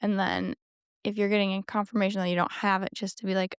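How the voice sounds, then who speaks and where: A woman's voice: medium pitch, flat delivery, quick pace, smooth, no room sound, studio quality. A woman hosting a casual podcast chat, asking empathetic, reflective questions. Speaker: podcast host.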